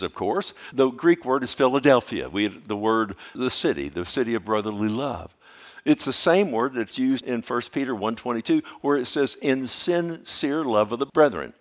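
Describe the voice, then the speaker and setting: A man preaching a sermon as pastor, dropping to hushed lines and rising to loud emphatic ones. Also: medium pitch, animated, normal speed.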